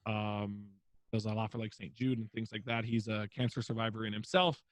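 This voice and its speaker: A man's voice: fairly low pitch, fairly even intonation, a little fast, no room sound. A young man, a streamer guest on a podcast interview, talking casually with lots of fillers and free swearing. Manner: rambling, filler-heavy, swears freely.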